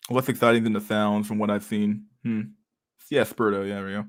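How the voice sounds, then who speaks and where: A man with a fairly low, flat voice talks fairly quickly as he hosts a livestream. He chats casually and rambles with his viewers, swearing freely and often laughing in mock outrage.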